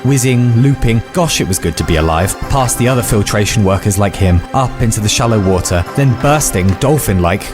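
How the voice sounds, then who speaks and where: A man narrating a scripted story with a wry, playful delivery. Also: on the low side. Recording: faint music under the voice.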